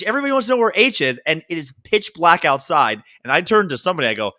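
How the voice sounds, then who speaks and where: A man with a bright, fairly high voice chats casually as a podcast co-host. His delivery swings up and down as he tells joking stories, often breaking into laughs. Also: very animated, fast, few pauses. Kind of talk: casual chat.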